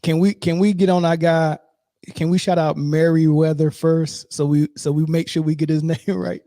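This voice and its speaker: A man's voice: on the high side, little pitch movement, dark tone, no room sound, studio quality. A man with a Southern country accent hosting a casual sports podcast, laid-back and full of fillers. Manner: laid-back, lots of fillers and drawn-out asides. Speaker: podcast host.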